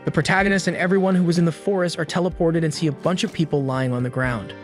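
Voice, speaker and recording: A man's voice: fairly high pitch, steady tone, fast. Casual man recapping a story over music. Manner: breezy retelling, slips into characters' lines. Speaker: recap narrator. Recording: music bed underneath.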